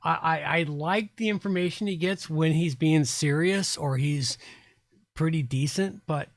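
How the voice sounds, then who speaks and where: A man's voice: a little high, unhurried, dry recording. A middle-aged man hosting a casual late-night livestream from his apartment, tipsy and blunt, swearing freely as he chats. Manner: blunt, profane, drawling. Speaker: livestream host. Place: home apartment.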